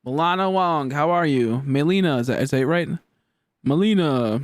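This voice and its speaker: A man's voice: fairly high pitch, animated, moderate pace, no room sound, clean studio sound. A man in his twenties chatting casually on a game live stream, rambling and joking as he answers chat aloud. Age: 20s.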